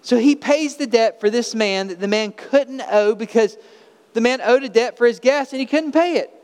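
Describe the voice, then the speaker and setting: A male pastor delivers an emphatic sermon full of rhetorical questions. His voice sits high and rings clear. It carries the long reverb of a church hall. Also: normal speed, darkish tone. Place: church sanctuary.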